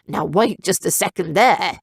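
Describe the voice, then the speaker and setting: A woman's voice: on the low side, a little slow, gravelly, breathy edge, dry recording, clean studio sound, heavily acted. Woman doing a drowsy young male griffin. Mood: earnest. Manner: drowsy, offhand and teasing.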